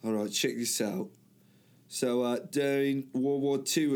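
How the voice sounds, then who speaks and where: A man's voice: medium pitch, fairly even intonation, unhurried, a little mellow. Young guy, casual banter, heavy swearing, fake-English "mate" habit. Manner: swears a lot, keeps saying "mate" in a put-on English accent. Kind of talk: casual chat trading wild facts.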